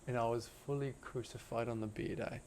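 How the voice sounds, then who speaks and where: Gravelly man telling a story. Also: medium pitch, fairly even intonation, fairly quick, a little mellow, slight background noise. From Australia. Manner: earnest, intense storytelling with many "like" fillers. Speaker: podcast guest. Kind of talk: casual storytelling interview.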